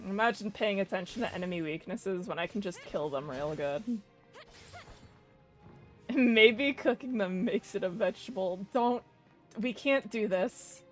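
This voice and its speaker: A woman's voice: mid-range voice, unhurried, faint music behind. A young woman giving casual, rambling commentary while streaming a game, swearing and laughing often.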